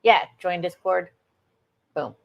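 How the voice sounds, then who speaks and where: A woman's voice: on the low side, slow pace, vocal fry. A woman co-hosting a casual livestream, chiming in playfully and giggling. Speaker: livestream co-host.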